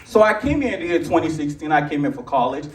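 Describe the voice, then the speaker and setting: A man's voice: a little high, expressive, fast, distant mic, heavy background noise. A young man in his twenties from Lagos with a Nigerian accent, doing a brash, crude stand-up set at a comedy club. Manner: brash, crude, conversational punchlines. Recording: echoey club audio from afar.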